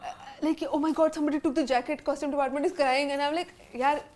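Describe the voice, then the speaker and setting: A woman's voice: sits high, steady tone, fast talker. A woman hosting a casual chat, laughing along and asking blunt questions. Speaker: podcast host. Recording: faint background noise.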